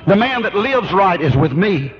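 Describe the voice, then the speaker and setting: High-voiced preacher man, emphatic. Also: sing-song, moderate pace, a crowd in the background. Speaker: pastor. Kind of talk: sermon. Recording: dull lo-fi recording.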